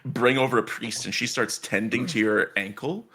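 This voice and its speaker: A man's voice: medium pitch, fairly even intonation, normal speed, a crowd in the background. A man running a tabletop game as game master, narrating loosely with lots of "like" and restarts.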